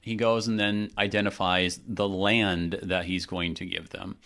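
A man co-hosting a Bible discussion, talking casually and acting out the people in the text with lively quoted voices. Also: deep voice, unhurried, vocal fry. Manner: animated, acts out quotes, many restarts. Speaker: Bible study podcast co-host. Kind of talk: conversational Bible teaching.

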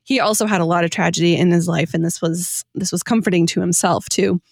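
A woman's voice: fairly low pitch, fairly even intonation, a little fast, gravelly, dry recording, studio quality. A woman hosting a podcast, chatting casually, laughing often and reading hymn texts aloud with feeling. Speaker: podcast host.

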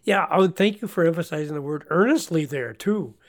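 A man's voice: on the high side, animated, a little fast. A middle-aged man hosting a conversational Bible discussion, earnest and folksy, often repeating words as he starts a thought. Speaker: Bible study host.

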